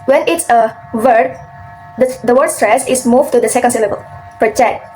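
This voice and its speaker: A young Indonesian woman with a fairly high voice walks through her pronunciation errors in a class presentation. She talks methodically, with some halting grammar, and faint music plays behind her. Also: warm tone, poor audio. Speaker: student presenter.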